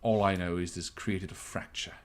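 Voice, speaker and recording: A man voicing a stern, guarded army captain who speaks in a measured, grave way during a tabletop game. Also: low voice, fairly even intonation, close to an everyday voice.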